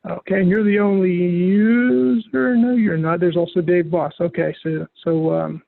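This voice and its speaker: A man training a user on software over a call, giving relaxed, patient, step-by-step instructions. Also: sits high, a little slow, vocal fry. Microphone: call audio. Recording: tinny phone-like line, dry.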